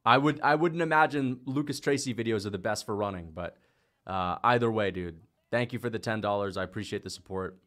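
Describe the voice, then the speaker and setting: A young fight-reaction livestream host talks briskly in a voice on the low side, keeping it loose with frequent swearing and excited outbursts while he reads out viewer donations.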